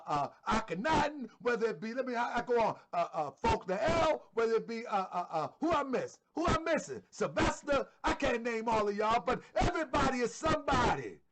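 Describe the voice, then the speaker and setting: A man's voice: very high voice, lively intonation, a little fast, few pauses, background noise. A man hosting an online show, giving fervent religious commentary and repeating phrases for emphasis. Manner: fervent, sometimes shouting.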